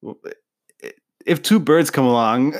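A man's voice: mid-range voice, a little slow. A man hosting a podcast, chatting casually and acting out quoted lines as he retells scenes. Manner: animated retelling, acts out quotes. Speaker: podcast host. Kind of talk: casual chat.

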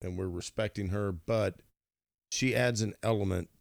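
A man's voice: lowish voice, normal speed, vocal fry, no echo, clean studio sound. A young man talking as a podcast guest who rambles and goes off on rants. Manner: rambling, ranty. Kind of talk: casual chat.

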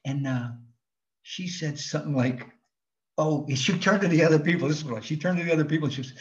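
A man's voice: on the high side, fast. A man, a stand-up comedian from New Jersey, telling stories from his shows in a casual chat, acting out scenes. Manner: animated storyteller, acts out scenes with laughs. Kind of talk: casual podcast storytelling. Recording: slightly dull lo-fi sound.

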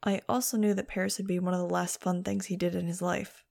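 A woman's voice: on the low side, flat delivery, quick pace, gravelly, darkish tone. A woman narrating a first-person audiobook in a dry, sardonic manner.

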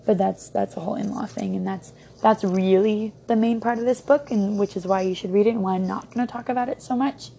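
A woman's voice: mid-range voice, vocal fry, warm tone, slight background noise. A young woman giving a casual book review, rambling with many ums and restarts.

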